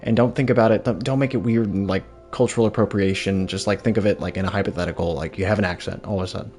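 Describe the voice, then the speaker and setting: Young male streamer, loose rambling delivery, low-set voice, light music under. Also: fairly even intonation, fast, a little mellow. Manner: rambling, laid-back, reads chat aloud. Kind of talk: casual live-stream chat while gaming.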